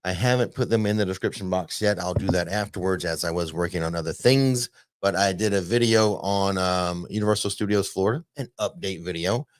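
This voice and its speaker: A man's voice: sits low, brisk, dry recording, studio quality. A man hosting a casual theme park news podcast, chatty and loose, with plenty of fillers. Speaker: podcast host.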